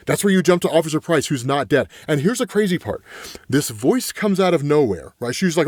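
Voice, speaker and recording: Man, animated comic explainer, lively pitch, dry close sound. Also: fairly quick, dry recording. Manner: animated storyteller, acting out quotes, filler "right?". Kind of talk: casual retelling of a comic story.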